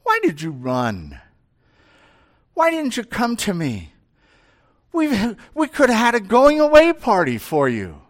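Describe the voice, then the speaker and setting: A man's voice: high-pitched, wildly swooping pitch, slow pace, pauses often, pitched above the performer's own voice, full character voice. A man preaching, voicing an indignant, threatening older male patriarch in an accusing tone.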